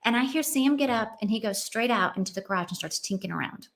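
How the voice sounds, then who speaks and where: A woman's voice: fairly high pitch, lively intonation, fast, fairly bright tone. A middle-aged woman hosting a Christian parenting show, telling a family story in an earnest, heartfelt way. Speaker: Christian parenting podcast host. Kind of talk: personal storytelling.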